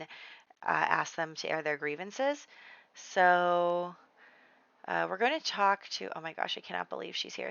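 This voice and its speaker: A woman giving casual let's-play commentary, chatty and giggly, telling the story and quickly quoting the characters. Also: fairly low pitch, vocal fry, a bit bright, smooth, dry recording, highs cut off. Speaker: gameplay commentator.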